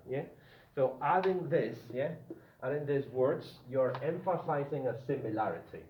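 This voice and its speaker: A man teaching a grammar lesson to a class, often checking in with the students and drawing out his example words slowly. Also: a little high, darkish tone, slight background noise. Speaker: English teacher. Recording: dull lo-fi classroom recording with room echo.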